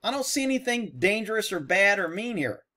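Sarcastic man with a lively voice. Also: high-pitched, a little fast. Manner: sarcastic, blunt, exasperated. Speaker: horse trainer commenting on videos. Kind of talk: reaction commentary over a video.

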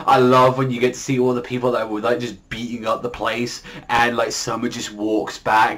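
A man's voice: mid-range voice, steady tone, normal speed, hardly any pauses. A loose, cussing man reviewing comics. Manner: loose, profane, filler-heavy slang. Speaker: manga reviewer. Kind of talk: casual spoken review.

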